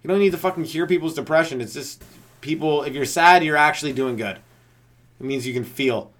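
A man hosting a solo comedy podcast, riffing in a rambling, profane rant that chases tangent after tangent and slips into quick voices of other people. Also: a little high, a bit bright. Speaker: stand-up comedian and podcast host.

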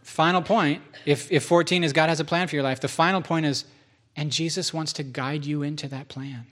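Working through a sermon point by point, this male pastor speaks briskly in a steady, somewhat high and slightly bright voice. Key lines get repeated for emphasis, and he mixes in joking jabs at himself.

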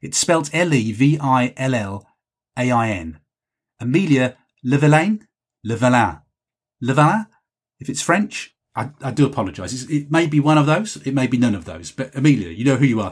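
A man hosts his own podcast and chats his way through listener messages. His voice has a husky edge and sits at an ordinary middle pitch. He rambles cheerfully and is quick to poke fun at himself. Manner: rambling, chatty, self-deprecating. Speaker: podcast host. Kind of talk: solo podcast chat reading listener messages.

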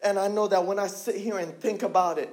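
A young man in his twenties preaching a sermon with passion, repeating phrases and dropping his voice low for emphasis. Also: steady tone, fast talker, a little mellow. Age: 20s.

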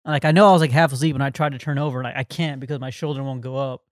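A man's voice: mid-range voice, fairly even intonation, very fast, dry recording, clean studio sound. A man co-hosting a podcast, telling a story in a rambling casual way with lots of "like". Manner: rambling, full of "like" and "um". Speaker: podcast co-host.

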